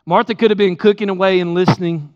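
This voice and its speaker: High-voiced man preaching in a reverberant hall. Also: steady tone, quick pace. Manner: candid storytelling with laughs, acting out his own quotes. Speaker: pastor. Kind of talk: sermon. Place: church sanctuary. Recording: dull sound with long hall reverb.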